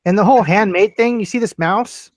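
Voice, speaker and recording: A man's voice: high voice, brisk, dry recording. A man co-hosting a casual chat, making wry, dry jokes. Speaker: podcast co-host.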